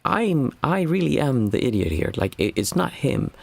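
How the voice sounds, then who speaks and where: A man's voice: mid-range voice, big pitch swings, moderate pace, vocal fry, a little mellow, no echo. A man who is a meditation teacher and former monk, talking through a livestream Q&A in a reflective, storytelling way with frequent restarts. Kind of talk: casual livestream Q&A talk.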